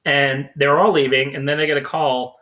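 A man's voice: mid-range voice, brisk, poor audio. A man co-hosting a podcast, chatting casually about comedy films and animatedly retelling scenes. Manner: animated storyteller, acts out quotes. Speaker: podcast co-host. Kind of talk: casual chat.

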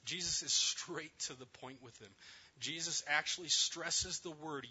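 A man preaches a sermon, telling the story with emphasis and sometimes sinking to a hushed near-whisper. His voice is bright and a little high, with a husky edge. The recording is dull and lo-fi. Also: moderate pace. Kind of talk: sermon on a scripture passage.

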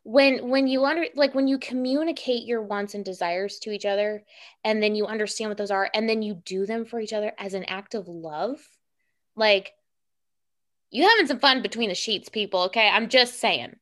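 A woman's voice: mid-range voice, normal speed. A young woman co-hosting a casual podcast chat, giving emphatic, playful advice to other women. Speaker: podcast co-host.

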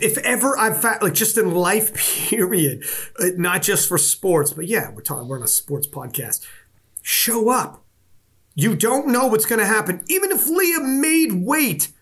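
Animated, husky-voiced man telling stories. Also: high voice. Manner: animated storytelling with profanity and voiced quotes. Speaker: podcast co-host. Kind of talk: casual sports podcast chat.

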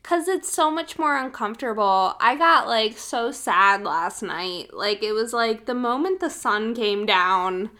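Woman, slow talker, fairly high voice, reflective, lots of fillers, casual spiritual chat. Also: animated, bright, forceful tone. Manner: reflective, many fillers, laughs readily. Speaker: podcast co-host.

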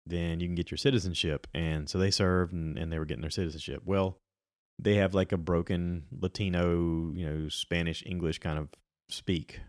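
A man's voice: low-pitched, fairly even intonation, moderate pace, no room sound, studio quality. A middle-aged man chatting casually on his own about movies and podcasts, rambling with many ums and restarts.

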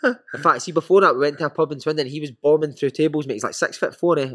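A man with a Scottish accent, a former footballer and podcast guest, telling lively stories and calling the listener "mate". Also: on the high side, fast talker. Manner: animated anecdotes with frequent "mate". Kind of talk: casual storytelling.

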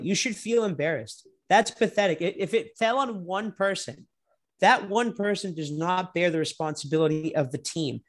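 Animated, swearing young man talking racing. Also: high voice. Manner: animated, swearing, bursts into loud drawn-out shouts. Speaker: podcast co-host. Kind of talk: casual sports chat.

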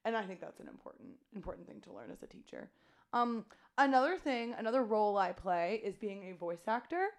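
A woman's voice: medium pitch, brisk. A young adult woman, a teacher co-hosting a podcast, chatting casually and acting out quoted thoughts as she talks. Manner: animated, talks through her thoughts with quoted asides. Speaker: podcast co-host, classroom teacher. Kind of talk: casual chat.

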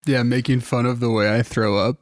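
A man's voice: mid-range voice, flat delivery, fairly quick, no room sound, studio quality. A young man in casual chat, squeamish and reluctant, often laughing as he talks. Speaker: blindfolded taste-test participant.

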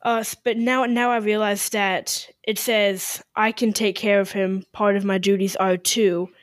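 A woman's voice: mid-range voice, flat delivery, unhurried, no echo. A woman co-hosting a podcast, chatting casually and reading out listener emails, rambling with many restarts and fillers. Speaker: podcast co-host.

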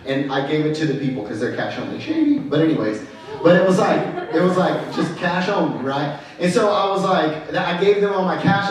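A male pastor telling a story in a casual, conversational sermon, full of fillers and restarts. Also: fairly high pitch. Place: church sanctuary. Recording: echoey hall, mic far off.

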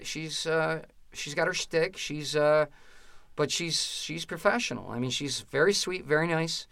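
Casting note: middle-aged male stand-up comic, tense bright tone, animated storyteller who keeps checking in with "right?". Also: fairly high pitch, a little slow, creaky, no echo. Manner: animated, rambling anecdotes with frequent "right?" and "you know". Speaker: stand-up comedian and former comedy booker. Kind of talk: casual storytelling in an interview.

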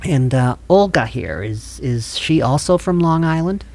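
A man's voice: on the high side, lively intonation, measured pace, vocal fry, darkish tone. A man presenting a comedic mock news show and interviewing guests. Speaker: news anchor.

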